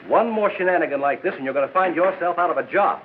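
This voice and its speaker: An actor playing a stern, middle-aged radio station boss who scolds in clipped phrases in a 1940s film. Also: male voice, fairly high pitch, fast, lightly acted. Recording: tinny 1940s film soundtrack with hiss.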